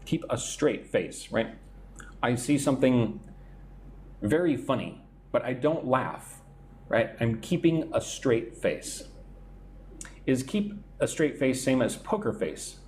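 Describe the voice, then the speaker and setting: Male english teacher on a live stream, slow and unhurried delivery, animated pitch, light background hiss. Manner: explains idioms and reads out chat comments, repeating "right?". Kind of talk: live-stream idiom lesson.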